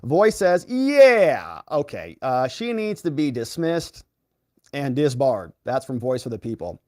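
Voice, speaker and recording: Animated man reacting to live chat. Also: mid-range voice, measured pace, no echo, clean studio sound. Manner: animated, reads viewer comments aloud and reacts. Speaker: host reading live chat. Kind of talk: casual live-stream commentary.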